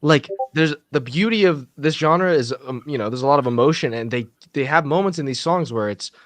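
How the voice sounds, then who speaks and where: Emphatic, halting male reviewer. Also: a little high, dry recording. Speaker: music reviewer. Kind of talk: casual review chat.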